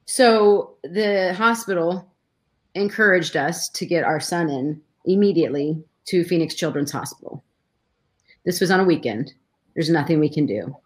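A woman's voice: lowish voice, measured pace. A middle-aged woman, a guest in a conversation, telling a personal story with emotion and many restarts.

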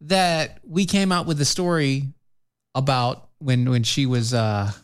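A man's voice: medium pitch, a little slow, clean tone. A man co-hosting a talk show, chatting casually, rambling with frequent restarts and laughs. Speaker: podcast co-host. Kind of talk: casual chat.

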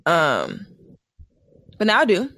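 A man hosting a casual podcast, an animated storyteller who laughs often. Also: a little high, takes it slowly, vocal fry, no echo, studio quality. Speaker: podcast host.

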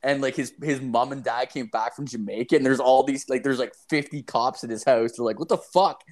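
A young man talks casually with a friend, telling a story in a rambling, profane way. He leans on fillers and swears often, keeping it animated and unpolished. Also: mid-range voice, brisk. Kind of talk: casual chat.

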